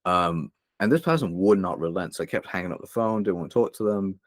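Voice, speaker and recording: Deep-voiced young man telling a raw story. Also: brisk, no room sound, clean studio sound. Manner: open, emotional, rambling with many fillers. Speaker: podcast guest, copywriter. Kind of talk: candid interview storytelling.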